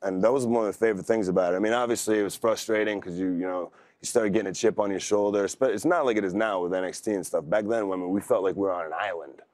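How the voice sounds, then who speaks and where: Low-voiced laid-back man. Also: quick pace, hardly any pauses, a little mellow, no room sound. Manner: laid-back, rambling storytelling. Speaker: wrestler guest. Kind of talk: casual interview talk.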